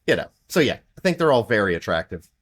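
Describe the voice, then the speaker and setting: A man's voice: very animated, fast, fairly bright tone. A man co-hosting a podcast, chatting casually and rambling with lots of fillers. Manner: mimics accents with big pitch jumps. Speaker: podcast co-host. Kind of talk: casual chat.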